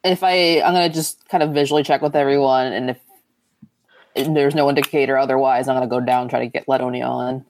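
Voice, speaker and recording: A woman's voice: a bass voice, fairly even intonation, a little fast, darkish tone, a little hiss or hum. A woman taking part as a player in a tabletop game, speaking politely and tentatively. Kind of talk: tabletop role-play.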